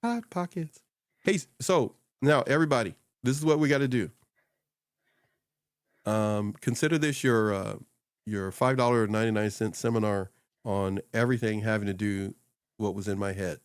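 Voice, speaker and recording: Male host, casual coaching talk, low voice, loose and rambling, dry close recording. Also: normal speed, smooth, dry recording. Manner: loose and rambling, laughs often. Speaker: social media coach and host. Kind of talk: casual chat.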